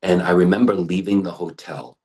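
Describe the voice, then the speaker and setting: A middle-aged man and hair artist talking in an interview, telling animated stories with frequent restarts. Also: low-pitched, brisk, slightly rough. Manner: animated storytelling with many restarts. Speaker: global ambassador and hair artist.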